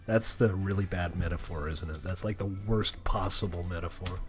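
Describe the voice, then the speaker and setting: A man's voice: low-pitched, steady tone, moderate pace, faint music behind. A man streaming Minecraft, chatting casually with viewers in a rambling, joking way. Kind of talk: casual live-stream chat.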